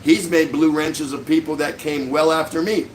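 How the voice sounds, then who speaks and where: A man's voice: fairly high pitch, steady tone, normal speed, a little hiss or hum, rough recording. A middle-aged man hosting a livestream, delivering an angry, sarcastic rant full of insults. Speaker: livestream host.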